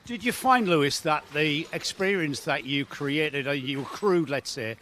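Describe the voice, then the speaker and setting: A man's voice: on the high side, normal speed, fairly bright tone. A man presenting live from a race track, chatty and enthusiastic with rambling questions. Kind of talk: live pit-lane interview.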